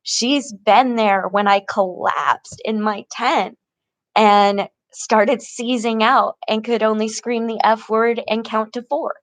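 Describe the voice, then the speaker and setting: A woman's voice: a little high, fairly even intonation, slow pace, dry recording. A woman talking casually in a rambling personal vlog, laughing often between her sentences. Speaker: vlogger. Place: tent in an encampment.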